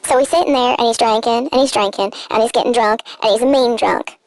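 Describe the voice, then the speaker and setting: A woman's voice: a little high, fast, a little mellow, no room sound, low-quality recording. A woman narrating a scripted commentary in a sarcastic, mocking tone, full of dramatic rhetorical questions. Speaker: commentary channel host.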